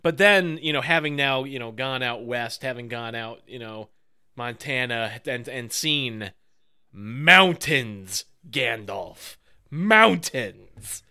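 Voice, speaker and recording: A man's voice: medium pitch, sharp tone, clean tone. An American man co-hosting a podcast, chatting in a goofy, joking way with many fillers. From United States. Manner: goofy, jokey, halting with fillers. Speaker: podcast co-host. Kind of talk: casual chat.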